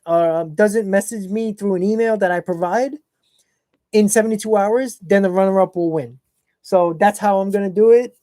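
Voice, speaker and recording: A man's voice: high voice, mellow, dry recording. A man hosting a casual fan live stream, blunt and opinionated, talking to chat viewers by name.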